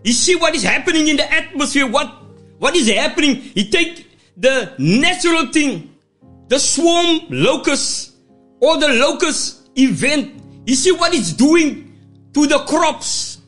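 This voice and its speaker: Male radio preacher, very high voice, fervent prayer and scripture reading. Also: sing-song, measured pace, soft background music. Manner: fervent prayer, repeating "mighty God" and "hallelujah"; reads scripture aloud with emphatic shouts. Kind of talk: sermon.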